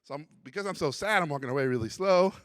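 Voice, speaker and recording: A man from Mexico giving a conference talk, telling his story in an animated way and acting out the voices of others. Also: fairly high pitch, quick pace, no echo. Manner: animated storyteller who acts out quotes. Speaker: conference speaker. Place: conference hall.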